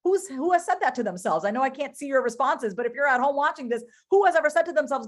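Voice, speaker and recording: A woman's voice: high voice, lively intonation, fast talker, hardly any pauses. A woman giving a motivational webinar talk, speaking directly to her audience with many rhetorical questions and repeated phrases for emphasis. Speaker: webinar presenter.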